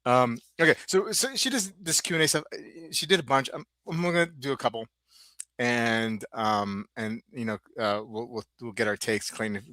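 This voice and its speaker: A man from the Northeastern United States hosting a podcast, rambling in a halting way and reading out viewer comments. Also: medium pitch, sharp tone, dry recording. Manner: rambling, halting, many restarts. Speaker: podcast host.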